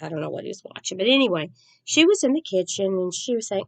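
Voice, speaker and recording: A woman talking in a rambling, chatty and soft-spoken way as a crafting vlogger. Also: mid-range voice, expressive, normal speed, no room sound. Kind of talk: casual chat.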